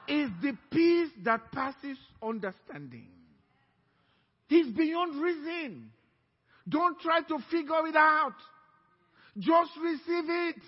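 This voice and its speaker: A man's voice: very high-pitched, long reverb tail, dull audio. A man preaching as a pastor, with emphatic delivery that draws the congregation in to repeat lines after him. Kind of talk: sermon. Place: church sanctuary.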